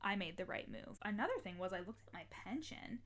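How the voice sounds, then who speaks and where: A woman's voice: mid-range voice, expressive, fairly quick, a bit bright. A young adult woman, a life coach and podcast host, talking casually and encouragingly to listeners, with lots of "like" fillers and the odd swear word.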